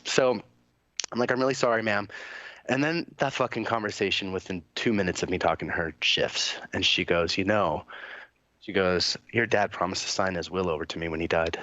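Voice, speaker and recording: Podcast host, male, low voice, casual profane storyteller; dry, slightly dull recording. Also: fairly bright tone, no room sound. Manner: rambling, profane, lots of fillers and quoted dialogue.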